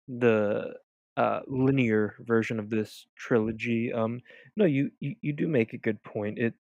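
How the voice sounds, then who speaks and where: A young man co-hosting a casual movie review podcast, starting hesitantly, then laying out his points in a thoughtful, measured way. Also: medium pitch, dry recording. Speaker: podcast co-host.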